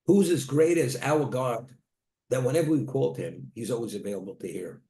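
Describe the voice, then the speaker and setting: A man's voice: mid-range voice, fairly quick, dark tone. A man, a rabbi, teaching a Torah class, telling stories and weaving in Hebrew terms. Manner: storytelling, Hebrew terms woven into plain talk. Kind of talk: Torah lecture. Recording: echoey room.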